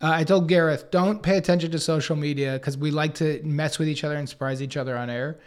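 A man in his forties tells stories in a loose, chatty interview. He jumps into other people's voices as he goes, animated and quick to rise in pitch. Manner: animated, acts out others' lines in quotes. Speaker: podcast co-host and guest. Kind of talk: casual storytelling chat.

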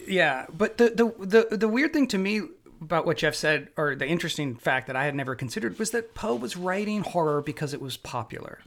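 A man's voice: high-pitched, lively intonation, brisk. A man co-hosting a podcast, casually thinking aloud as he reflects. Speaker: podcast co-host. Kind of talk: casual chat.

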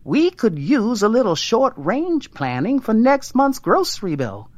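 A narrator voicing a plain, thrifty middle-aged housewife who talks in a sharp, practical way. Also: medium pitch, huge pitch swings, a little slow, dry recording, voice pushed up. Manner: sharp, practical, proudly frugal. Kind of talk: audiobook character voice.

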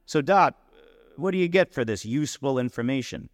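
An eager young woman with a stubborn streak comes through as she coaxes and insists, her voice lifting and swooping with lively rises, as a man reading the story puts her on. The reading is audiobook-style, closely miked with a long reverb tail behind it. There is no roominess in the nearby sound; the trail is long and hall-like. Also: medium pitch, normal speed, studio quality, lightly acted. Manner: insistent, coaxing. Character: eager determined young woman, proud and pushy.

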